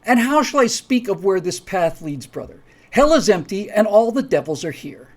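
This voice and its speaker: A man's voice: high-pitched, big pitch swings, normal speed, voice pushed up. A man playing Alfonso, a stern, irked guide. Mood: grim. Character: stern, irritated man leading the way.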